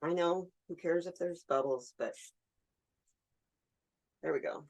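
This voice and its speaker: A woman with a lowish voice speaks a little slowly while hosting a resin art tutorial. It's a casual hands-on demonstration where she chats, talks to herself as she works, and laughs easily.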